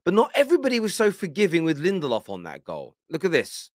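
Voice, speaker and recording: A man's voice: a little high, wildly swooping pitch, quick pace. A man hosting a football reaction show, amused and laughing often as he comments on clips. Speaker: host.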